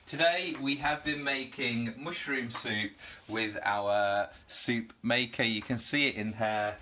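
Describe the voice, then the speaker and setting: Chatty British male live-stream host, bright tone, laughs easily, faint noise in a home kitchen. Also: medium pitch. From United Kingdom. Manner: chatty, greets viewers by name, laughs often. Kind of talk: casual live-stream chat.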